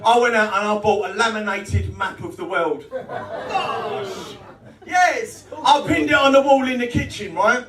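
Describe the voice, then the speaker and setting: A middle-aged British man doing stand-up, with a fairly high voice and a crude, cheeky delivery, chuckling at his own punchlines. The mic catches him from a distance in a roomy social club. A crowd laughs loudly in the background. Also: measured pace. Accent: British English. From Britain. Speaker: stand-up comedian. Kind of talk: live stand-up set with crowd banter. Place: small social club comedy night. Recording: roomy venue audio taken from a distance, with crowd noise. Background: audience laughter.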